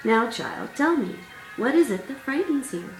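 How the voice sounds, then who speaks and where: A woman's voice: a little high, sing-song, normal speed, pitched above the performer's own voice. A woman voicing a small, wise male caterpillar who talks patiently, with mild exasperation. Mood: lecturing. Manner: patient, lecturing, mildly exasperated. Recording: roomy sound, distant mic, faint music.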